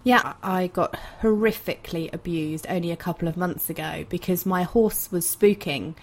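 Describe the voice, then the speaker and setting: A woman in her thirties hosting a conversation and telling a story with lively, emphatic outbursts. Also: fairly low pitch, normal speed, slight background noise. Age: 30s. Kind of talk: conversational interview.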